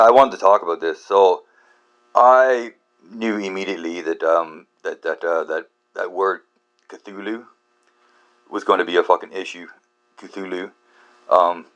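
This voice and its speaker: Casting: man with a very deep voice, rambling casual monologue, stumbling through fillers and restarts, self-mocking, mains hum underneath. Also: fairly bright tone. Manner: halting, many fillers and restarts, frequent swearing; self-deprecating, laughs at himself. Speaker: book channel host.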